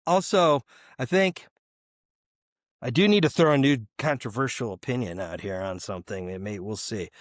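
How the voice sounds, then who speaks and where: A man's voice: mid-range voice, no echo, studio quality. A young adult man co-hosting a sports podcast, telling loose, rambling stories full of fillers and casual swearing. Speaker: podcast co-host. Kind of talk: casual chat.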